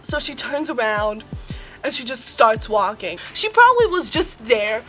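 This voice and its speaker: A woman's voice: on the high side, very animated, a little slow, fairly bright tone, soft background music. A teenage girl telling a storytime vlog in a sassy, profane, ranting way. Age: teens. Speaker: vlogger.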